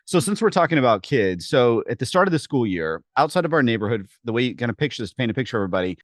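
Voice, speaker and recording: A man's voice: medium pitch, no echo, clean studio sound. A man co-hosting a fitness podcast, telling stories in a casual chat and acting out the quotes with animation. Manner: animated storyteller, acts out quotes. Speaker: podcast co-host.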